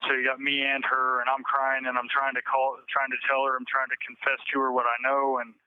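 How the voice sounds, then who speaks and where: A man tells his story over a tinny phone line, his voice smooth and clear but held to a flat, even tone. He talks haltingly, restarting and repeating his words as he confesses. The sound is dry and thin. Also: medium pitch, no room sound. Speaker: interviewee, incarcerated man. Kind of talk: emotional personal account.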